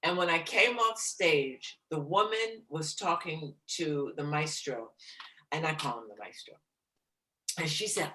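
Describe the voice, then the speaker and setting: A woman jazz singer being interviewed, telling her stories with lively, theatrical flair and acting out the quotes. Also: low-pitched, measured pace. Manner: animated, theatrical storyteller who acts out quotes. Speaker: guest, jazz vocalist. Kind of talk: casual storytelling interview. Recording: roomy echo.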